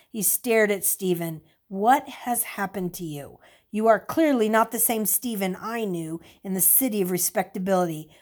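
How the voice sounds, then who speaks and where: A woman narrating a storybook in a calm, even way, lightly voicing the characters' dialogue. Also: medium pitch. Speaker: audiobook narrator. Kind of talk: scripted narration.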